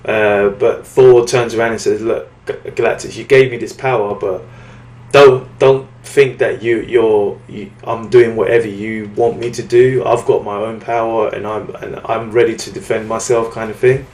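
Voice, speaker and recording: A man's voice: lowish voice, level tone, normal speed, hardly any pauses, a little mellow, echoey room. A man casually recapping a comic book story on a podcast, rambling and acting out the characters' lines. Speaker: podcast co-host.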